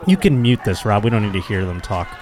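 A man's voice: on the low side, sing-song, fast, a little mellow, a faint crowd, a little hiss or hum. A man hosting a podcast, telling stories in a crude, joking way and slipping into mocking voices. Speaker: podcast host. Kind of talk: casual comedic monologue.

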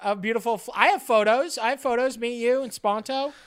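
A woman's voice: on the high side, brisk, clean tone. A woman co-hosting a podcast in casual chat, rambling with a constant "like" and joking crudely. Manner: rambling, heavy use of "like". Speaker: podcast co-host.

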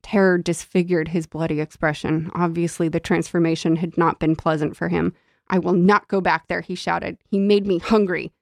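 A woman's voice: lowish voice, normal speed, vocal fry, no echo, clean studio sound. A young adult woman chatting casually about a novel and reading passages aloud. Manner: reads novel passages aloud, animated and laughing when chatting. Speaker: book club podcast co-host.

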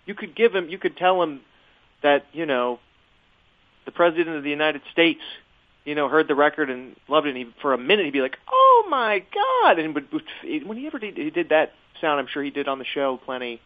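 Hesitant man on a tinny line. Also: fairly high pitch. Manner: halting, hesitant, many fillers and restarts. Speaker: guest remembering a friend. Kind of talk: casual podcast conversation.

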